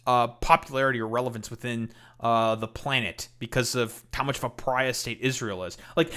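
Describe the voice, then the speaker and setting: A male streamer reacts to a clip, heckling it with profane, mocking commentary. His voice sounds forceful and bright, at an average pitch for a man. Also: fairly even intonation, brisk, few pauses. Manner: mocking, heated, profane, with laughs. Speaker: streamer host.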